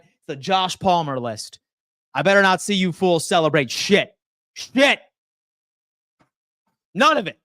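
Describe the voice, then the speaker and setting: A young man hosts a live sports stream, reading out viewer chat and ranting at people with rowdy teasing and plenty of swearing, alternating loud outbursts with quiet asides. His voice is on the high side, and the recording is dry.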